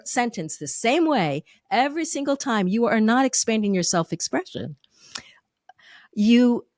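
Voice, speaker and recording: A woman's voice: medium pitch, no room sound. Playful woman coach, dry close sound. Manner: playful, demonstrative, acts out examples. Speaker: public speaking coach. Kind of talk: podcast interview guest.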